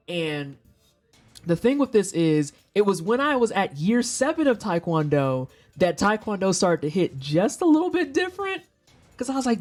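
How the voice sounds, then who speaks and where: A woman's voice: on the low side, normal speed, soft background music. A woman in her thirties hosting a live stream, chatting casually and telling profane stories, acting out the people she quotes. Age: 30s. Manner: animated, profane storytelling with exaggerated quoted voices. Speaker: streamer host.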